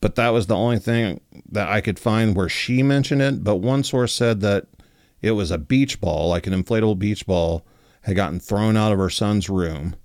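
A man with a low voice tells a story in a loose, conversational way, full of filler words. The recording is dry and close, with no room echo. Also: normal speed. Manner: relaxed, many fillers like 'like' and 'you know'. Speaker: podcast host. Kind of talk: casual storytelling.

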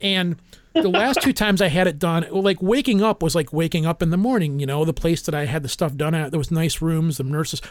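A man's voice: a little high, fairly quick, dry recording. A middle-aged man telling a story in casual chat, acting out the voices of the people in it. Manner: animated, acts out quotes in a raised voice.

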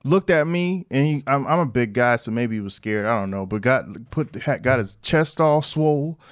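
A man hosting a podcast, telling a personal story in a loose, slangy, animated way. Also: medium pitch, moderate pace, no echo, clean studio sound. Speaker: podcast host. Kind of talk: casual monologue.

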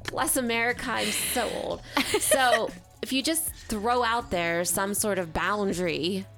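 A woman's voice: mid-range voice, a little slow, over music. A woman co-hosting a podcast in casual chat, speaking earnestly and with emphasis, poking fun at herself. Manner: earnest, emphatic, self-mocking. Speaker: podcast co-host.

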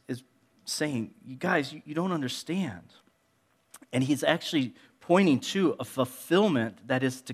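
Animated, conversational male pastor. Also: medium pitch, slightly rough. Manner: conversational, animated with hesitant restarts. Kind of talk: sermon.

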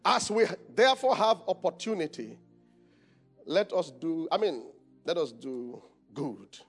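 A man's voice: a little high, expressive, measured pace, husky, soft background music. A Nigerian male pastor preaching a conference sermon, calling out questions for the congregation to answer. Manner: call-and-response, shouting questions.

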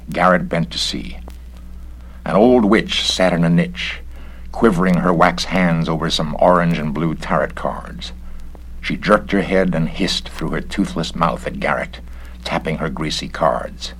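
A man narrating a story aloud in a measured, dramatic way. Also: extremely low pitch, fairly bright tone, slightly rough. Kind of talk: story reading.

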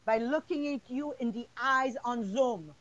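A woman's voice: fairly high pitch, unhurried, fairly bright tone, no echo, lo-fi sound. A woman hosting a casual podcast, answering questions bluntly with lots of energy and laughter. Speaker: podcast host.

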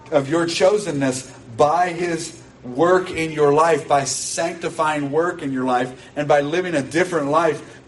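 Earnest man preaching from a distant mic. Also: on the high side. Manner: earnest, emphatic preaching with repeated phrases. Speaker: pastor. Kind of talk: sermon. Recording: distant mic with faint background noise.

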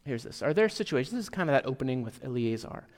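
A man's voice: mid-range voice, sing-song, quick pace, in a large hall. A male pastor preaching a conversational sermon, dropping to a near whisper for emphasis. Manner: conversational, with asides and self-deprecating humor. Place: church sanctuary.

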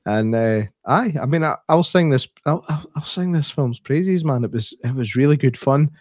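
A Scottish man hosting a podcast in casual chat, telling animated stories, laughing and swearing freely. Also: mid-range voice, normal speed, no room sound, clean studio sound.

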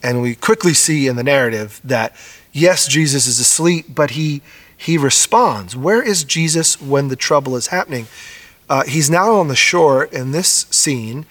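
A middle-aged man preaching a sermon as pastor, earnest and conversational, acting out quotes with animated shifts. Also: medium pitch, measured pace.

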